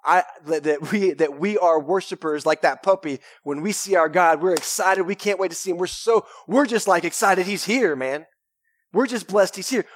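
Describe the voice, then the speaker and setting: A young man, preaching a sermon in a casual, energetic way with lots of "right?" and "man". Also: high-pitched, no echo, clean studio sound. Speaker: pastor. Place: church sanctuary.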